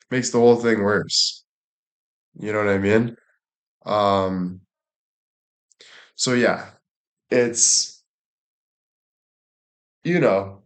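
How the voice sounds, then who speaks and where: A young man in loose, crude conversation, talking in circles and breaking into laughter. His voice sits a bit on the low side. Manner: crude, rambling, laughs often. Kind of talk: casual chat.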